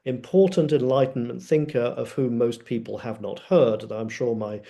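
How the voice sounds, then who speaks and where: Mellow-voiced man giving an academic talk. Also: mid-range voice, steady tone, moderate pace, vocal fry. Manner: lecturing, emphatic, frequent "uh" fillers. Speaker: panelist.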